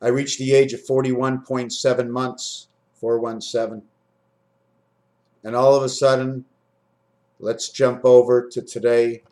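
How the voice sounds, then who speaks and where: 50s guy vlogging, rambly spiritual talk, goes loud and high then low and mumbly. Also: level tone, unhurried, long pauses. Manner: rambling, swings between high loud bursts and low muttering.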